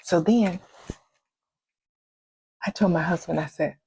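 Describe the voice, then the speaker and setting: Husky older woman telling a personal story. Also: fairly low pitch, takes it slowly, mellow, dry recording, rough recording. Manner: emphatic, repetitive, heartfelt. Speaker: vlog host.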